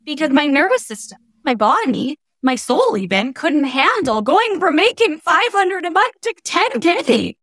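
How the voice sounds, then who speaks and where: A young adult woman, a spiritual life coach, speaks as a podcast guest in an earnest, heartfelt way. Her voice sits a little high. The recording is dry and close. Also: big pitch swings, unhurried, hardly any pauses, fairly bright tone, no echo. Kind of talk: casual conversational interview.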